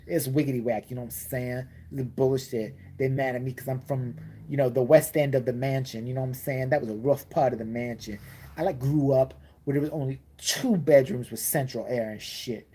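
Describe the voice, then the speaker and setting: A man's voice: mid-range voice, fairly even intonation, a little fast, warm tone, slight background noise, lightly acted. A man voicing a spoiled rich young man posing as a gangster rapper, in a mocking, swaggering slang drawl. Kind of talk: comedic impression in casual chat.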